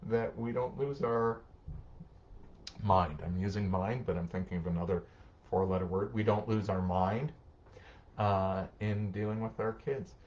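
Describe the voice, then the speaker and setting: On a lo-fi recording, a man with a lowish voice talks a little slowly as he hosts a live-streamed advice session, reading comments aloud. He's a middle-aged social worker offering casual parenting guidance, warm and conversational, and he acts out little back-and-forths between parents and kids.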